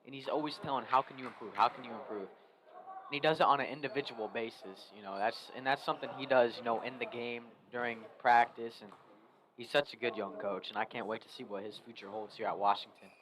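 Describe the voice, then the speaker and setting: A man's voice: mid-range voice, fairly even intonation, a little fast, a bit bright, low-quality recording. A young man doing chatty, lightly joking play-by-play commentary for a school basketball game. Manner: chatty, lightly joking, talks while eating. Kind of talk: local sports commentary.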